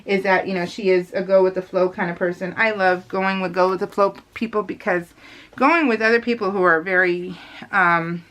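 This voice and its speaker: A middle-aged woman chatting casually in a rambling, animated way, laughing often and using lots of fillers. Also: mid-range voice, moderate pace. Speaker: scrapbooking vlogger.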